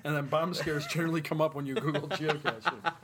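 A man's voice: on the high side, fairly even intonation, quick pace, background noise. A man co-hosting a podcast, reading out news stories with joking asides in a casual chat. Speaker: podcast co-host.

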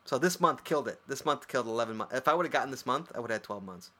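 Male co-host, quick and rambling, casual chat, average pitch. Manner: rambling, animated, swears casually. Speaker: podcast co-host.

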